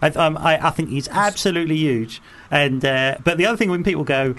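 A man with a London accent, co-hosting a casual chat and telling stories in an animated way. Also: on the high side, brisk, hardly any pauses. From England. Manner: chatty, animated storytelling. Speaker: podcast co-host.

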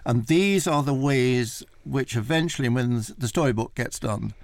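A male commentator thinks aloud in a rambling, thoughtful way, full of ums and uhs. His voice is gravelly with a lot of fry. The sound is dry and close to the mic. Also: mid-range voice, unhurried, dry recording. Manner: thoughtful, rambling, many fillers. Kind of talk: radio news interview.

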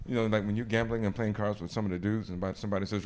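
A man chatting casually, telling stories in an animated way and laughing often. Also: fairly low pitch, very fast. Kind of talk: casual chat.

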